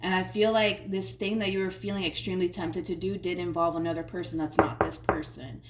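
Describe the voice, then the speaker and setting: A woman's voice: lowish voice, level tone, fairly quick. A woman giving a casual tarot reading in an emphatic, slangy way, repeating her phrases for effect. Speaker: tarot reader. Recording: roomy sound from a distant mic, faint noise.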